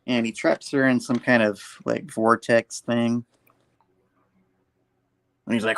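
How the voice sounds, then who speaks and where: A man's voice: medium pitch, level tone, slow pace, vocal fry, pauses often, a bit bright. A man hosting a podcast, casually retelling a comic book with lots of fillers and restarts. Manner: rambling, filler-heavy retelling. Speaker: podcast host.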